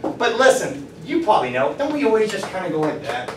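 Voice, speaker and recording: A man teaching a math class, lively and encouraging, often asking the students questions. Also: high-pitched, brisk. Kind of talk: classroom lecture. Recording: roomy classroom from far off, faint noise.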